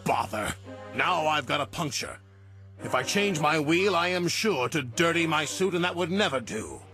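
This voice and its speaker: A man's voice: a little high, expressive, normal speed, over music, pitched above the performer's own voice. Guy doing a fussy pompous railway boss, all proper, storybook style. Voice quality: prim, fussy exclamations.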